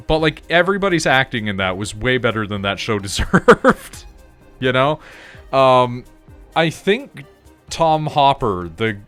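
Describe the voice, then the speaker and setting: A man's voice: medium pitch, fairly bright tone. Rambling young man chatting over faint music. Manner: rambling, restarts, laughs often, swears casually. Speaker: streamer. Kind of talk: casual chat while gaming.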